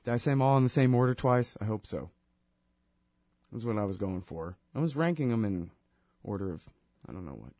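A man hosting an opinion talk show, rambling and animated with a sarcastic streak. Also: fairly low pitch, a little fast, long pauses, dry recording.

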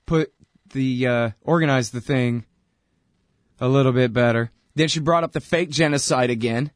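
A man's voice: a little high, dry recording. Sarcastic male radio host, dry sound. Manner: sarcastic, rambling, blunt. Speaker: talk show host. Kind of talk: casual political talk and ad reads.

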